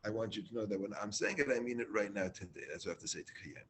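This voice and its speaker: A man's voice: on the low side, racing, a little hiss or hum. A man leading a Torah class, reading Hebrew lines and explaining them in casual English with restarts.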